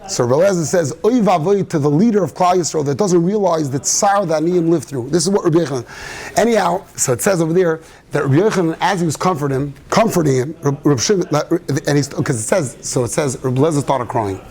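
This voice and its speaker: High-voiced rabbi storytelling. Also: male voice, fast talker, darkish tone. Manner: storytelling, mixing Yiddish and Hebrew terms. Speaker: rabbi giving a talk. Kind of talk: informal Torah talk. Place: synagogue study hall.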